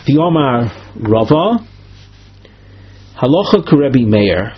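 A man teaching a Talmud class, the text and explaining it step by step in a measured way, an of the text. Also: mid-range voice, very animated, slight background noise. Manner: reads and explains, slow and measured, with self-corrections. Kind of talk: Talmud class, reading and translating line by line. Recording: muffled lo-fi class recording.

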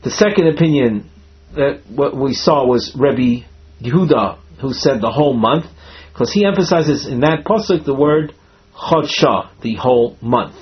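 A man teaching a Talmud class, the text and explaining it step by step in a measured way, an of the text. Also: medium pitch, animated, husky. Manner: reads and explains, slow and measured, with self-corrections. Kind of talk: Talmud class, reading and translating line by line. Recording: muffled lo-fi class recording.

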